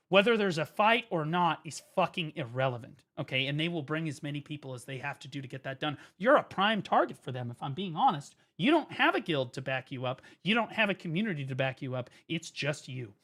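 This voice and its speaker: A man's voice: on the high side, brisk, hardly any pauses. A man streaming, ranting and mocking in a profane comedic style at a desk microphone. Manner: profane, mocking, lively rant.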